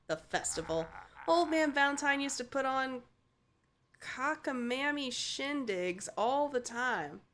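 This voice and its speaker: A woman's voice: sits high, lively intonation, slow pace, a bit bright, a little hiss or hum, heavily acted. A woman voicing a grumpy, toothless old male beaver in a video game, reading his lines with gloomy grumbling.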